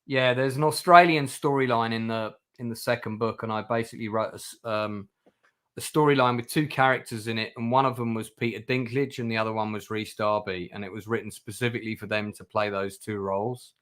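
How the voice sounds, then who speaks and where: This livestream host has a fairly low, brisk, slightly bright voice with fairly even intonation. Chatting casually with his guests, he rambles and keeps using fillers and starting over.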